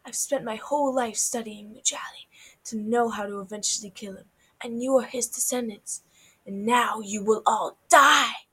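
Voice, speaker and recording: A vengeful male tiger creature, as a woman reading a storybook puts him on, menacing and obsessed with his prey. He slips into hissed, half-whispered threats. The voice sits a little high. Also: moderate pace, fairly bright tone, slightly rough, rough recording.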